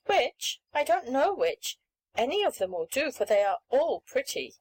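Woman doing a high eager little girl, begging and excited, storybook reading. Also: unhurried, husky, exaggerated voice, poor audio. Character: eager, wheedling little girl about seven.

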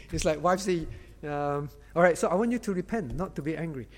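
This pastor, a man with a high voice, speaks fairly quickly in a spirited sermon for parents. He voices angry parents and teens and calls out listeners by name, all amid a hall's long echo.

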